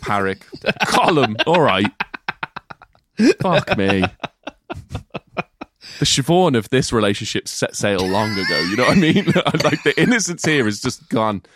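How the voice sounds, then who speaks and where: Sweary, animated young man. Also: mid-range voice, a little slow, pauses often, no room sound, studio quality. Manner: sweary, animated, laughs often. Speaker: podcast co-host. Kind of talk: casual film-discussion chat.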